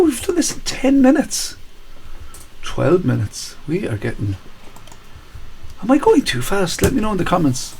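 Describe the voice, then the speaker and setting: A man hosts a live-streamed quiz for children, chatty and cheerful, with playful jokes between the answers. His voice sits slightly high and has a gravelly, creaky edge. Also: a little hiss or hum. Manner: chatty, cheerful, jokey asides to young viewers. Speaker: quiz host.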